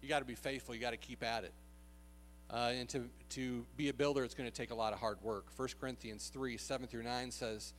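A man's voice: mid-range voice, fairly even intonation, fairly quick, slight background noise. A man preaching a sermon, telling a personal story in an earnest, conversational way with frequent filler sounds.

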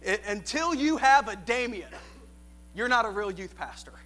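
High, bright-voiced preaching man. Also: moderate pace. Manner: animated preaching, swinging from shouted questions to quiet storytelling with laughs. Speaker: youth pastor. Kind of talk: sermon.

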